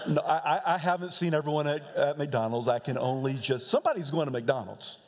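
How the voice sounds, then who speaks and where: A man's voice: fairly high pitch, animated, a little fast. A male pastor preaching a sermon in a church, talking in a loose, conversational way and often laughing between his points. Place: church sanctuary. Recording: reverberant church hall.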